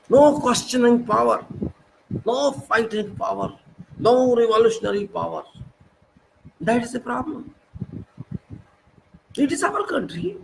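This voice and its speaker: A man's voice: high-pitched, gravelly, slight background noise, rough recording. A man from India delivering an impassioned, scolding monologue, full of repeated rhetorical questions. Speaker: political commentator.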